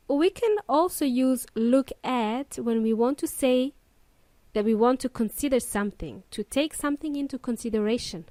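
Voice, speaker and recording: A woman's voice: sits high, a little mellow, no echo. A woman hosting a casual lesson podcast, playful and upbeat, joking between explanations. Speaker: English teacher and podcast host.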